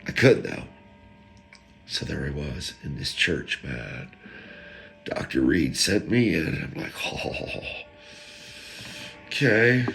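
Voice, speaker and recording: A man's voice: very deep voice, slow pace, vocal fry, long pauses, soft background music. A man, a podcast host, telling a casual comic story and acting out the people in it. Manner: animated, acts out quoted people, jokes about word sounds.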